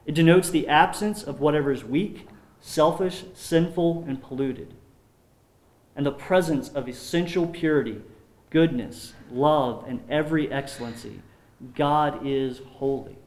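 A man preaching a sermon as pastor, earnest and measured, often dropping his voice low on solemn points. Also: a little mellow. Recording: roomy echo.

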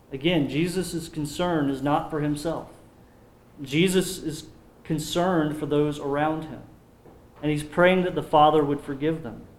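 A man preaching a sermon, slowing down when he reads scripture aloud. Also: on the high side, reverberant. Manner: slows down to read scripture aloud.

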